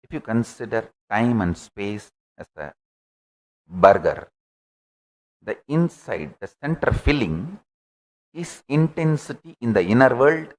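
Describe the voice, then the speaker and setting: A male spiritual teacher delivers a discourse at an unhurried, measured pace. His pitch swings widely, rising high on key words and dropping low between them. He repeats phrases deliberately for emphasis. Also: very animated.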